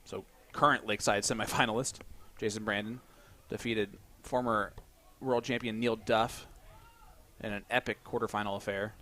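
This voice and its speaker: A male play-by-play commentator calling a live darts match from the booth, steady and measured, with dry humor as he reads out the scores. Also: lowish voice.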